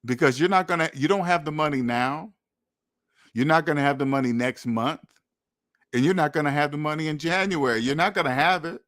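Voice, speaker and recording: A man's voice: a little high, a little fast, a bit bright. A young adult man hosting a personal finance channel, lecturing his viewers bluntly and repetitively in a preachy, scolding manner.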